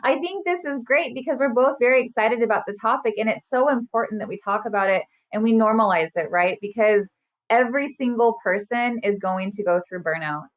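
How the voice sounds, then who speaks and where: On the high side and brisk, this woman in her thirties talks as a guest on a podcast about her work as a burnout specialist. The chat is a casual interview, and she's earnest and animated, performing quotes in character.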